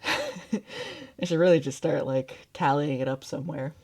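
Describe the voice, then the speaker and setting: A woman vlogging in a casual, chatty way, expressive and quick to laugh, sounding upset and close to tears. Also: deep voice. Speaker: beadwork vlogger. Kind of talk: casual vlog chat.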